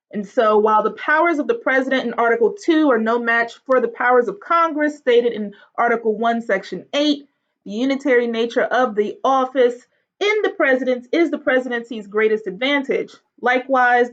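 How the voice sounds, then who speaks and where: Chatty woman lecturing, higher voice. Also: muffled recording. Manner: chatty, slangy, asks the class questions. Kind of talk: casual online lecture.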